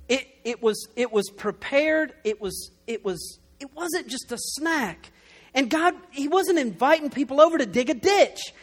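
A young adult man preaching a conversational sermon, telling stories with animated humor. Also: very high voice. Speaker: pastor.

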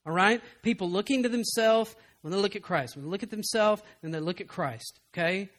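A man preaching a sermon in a church, swinging between loud emphatic passages and hushed, intimate ones. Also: high-pitched, fairly quick. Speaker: pastor.

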